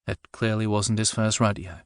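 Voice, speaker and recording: A man's voice: fairly low pitch, fairly even intonation, moderate pace, no room sound. A man reading first-person narration for an audiobook with a dry, wry comic delivery.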